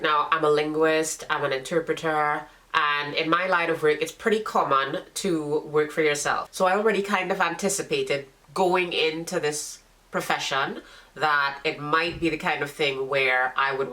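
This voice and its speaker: A woman's voice: sits low, fairly bright tone. A young woman with a congested, stuffy voice from a cold, chatting casually in a story-time vlog. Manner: chatty, encouraging. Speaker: vlogger.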